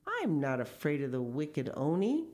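A woman voicing a carefree little woman in a storybook who giggles in high titters. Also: wildly swooping pitch, unhurried, a little mellow, exaggerated voice. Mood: giggly.

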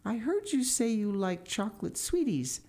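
A woman reading aloud, voicing a shy, gentle older man who speaks sheepishly. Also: mid-range voice, big pitch swings, normal speed, voice pushed up. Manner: sheepish, soft-spoken.

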